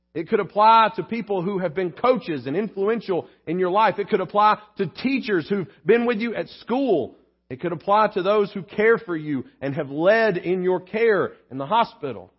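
Pastor preaching, high husky voice, joking storyteller, muffled church recording. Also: male voice. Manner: earnest, joking storyteller, repeats words as he goes. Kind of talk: sermon.

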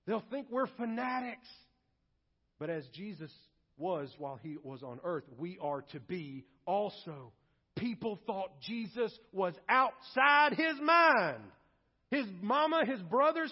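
A man's voice: high voice, very animated, moderate pace, slightly rough. A man preaching a sermon as pastor, emphatic, putting on comic voices for quoted people. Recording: dull, reverberant church recording.

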